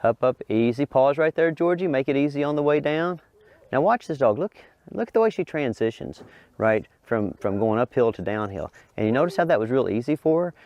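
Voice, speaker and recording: A middle-aged man works as a dog trainer, mixing instructional talk with coaxing, high-pitched praise for a big dog on an outdoor course. His voice is lively and swings widely in pitch. The sound is dry and close. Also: a little fast, no echo, highs cut off. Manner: coaxes the dog in high, excited praise between explanations.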